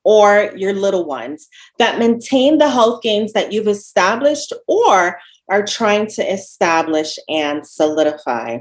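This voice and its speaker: A woman dietitian giving an online educational presentation, talking to viewers in an earnest, encouraging way. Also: mid-range voice. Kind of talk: educational webinar talk.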